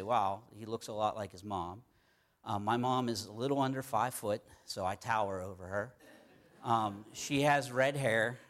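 A man preaching in a relaxed, talky way. He speaks at a middle pitch and stumbles through fillers and repeated words as he makes his points. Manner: conversational, folksy, with many fillers and repeated words. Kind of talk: sermon.

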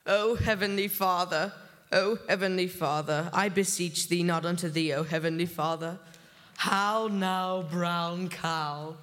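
A man's voice: sits high, fairly even intonation, a little slow, fairly bright tone. An actor playing a self-satisfied man who recites a flowery nonsense prayer in a grandiose, theatrical way, in a comedy sketch.

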